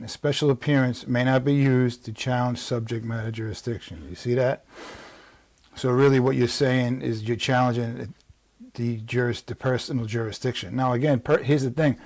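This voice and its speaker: A man's voice: mid-range voice, darkish tone, dry recording. A man with a New York accent, reading out legal text and explaining it in a conversational way. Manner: conversational, with frequent restarts and asides. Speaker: legal strategy instructor.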